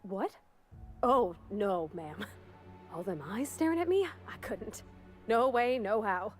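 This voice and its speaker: A woman's voice: medium pitch, animated, takes it slowly, faint music behind. A woman voicing a shy young country woman engineer in a video game, folksy and bashful. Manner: folksy rural speech, bashful and self-deprecating. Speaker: game character.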